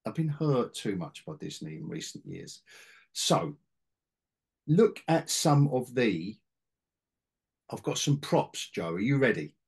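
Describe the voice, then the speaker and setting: Husky-voiced man, lively delivery. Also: mid-range voice, slow pace, pauses often. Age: middle-aged. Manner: rambling, restarts, self-deprecating asides. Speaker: podcast host, comic collector. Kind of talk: casual chat.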